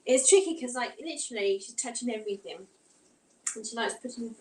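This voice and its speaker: A woman's voice: on the high side, animated, normal speed, reverberant, far from the mic, low-quality recording. A woman chatting casually with viewers while she does housework, rambling a little and reading out comments, her throat tight and strained. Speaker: vlogger. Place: home kitchen.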